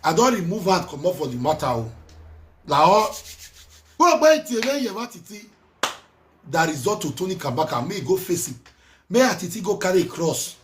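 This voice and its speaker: A Nigerian man speaking in Pidgin English, his voice sitting a little high. He scolds and rants in an animated monologue, repeating himself and swinging between loud bursts and quieter lines. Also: fairly quick, long pauses, slight background noise. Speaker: social media commentator. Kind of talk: heated monologue.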